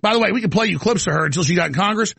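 Gravelly ranting talk show host man. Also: high-pitched, animated, racing, fairly bright tone, no echo. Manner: ranting, repetitive stammering restarts. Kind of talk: live talk show rant.

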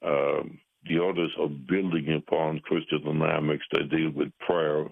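Very deep gravelly man on a phone line. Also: flat delivery, dry recording. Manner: earnest, halting with many fillers. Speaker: pastor and author, guest. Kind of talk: radio call-in conversation. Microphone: telephone.

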